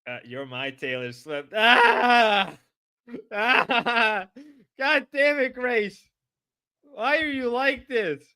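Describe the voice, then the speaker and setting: A man hosting a live stream, reacting loudly and excitably while he chats and swears. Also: very high voice, extremely slow, clean tone. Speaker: streamer host. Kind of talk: casual live-stream chat.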